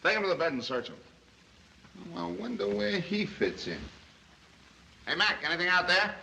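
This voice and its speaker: A man playing a brash, impatient police inspector in a 1930s film, gruff and wisecracking as he barks orders. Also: high voice, expressive, moderate pace, sharp tone, a little hiss or hum, heavily acted, low-quality recording.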